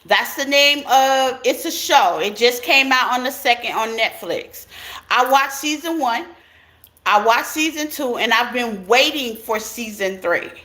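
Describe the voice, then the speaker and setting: A tarot reader gives her viewers a casual reading, chatting and laughing often as she addresses them directly. Her voice sits on the high side, a little slow, with a bright, forceful tone. The background noise in the recording is clear.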